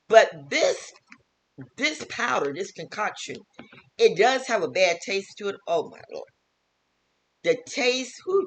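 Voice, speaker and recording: A woman's voice: fairly low pitch, fairly bright tone. A woman, a health vlogger and teacher, talking earnestly and repetitively in a casual home wellness vlog from her kitchen.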